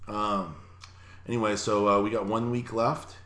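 Young male podcast co-host, joking and profane, bright tone, echoey room. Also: on the low side, level tone, unhurried. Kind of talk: casual chat.

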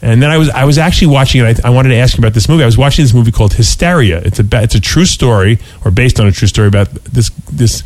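A man's voice: mid-range voice, racing, hardly any pauses, darkish tone, no room sound. A man chatting casually as a podcast co-host, telling stories with many restarts and fillers. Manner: rambling storyteller, lots of restarts and "you know". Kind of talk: casual chat.

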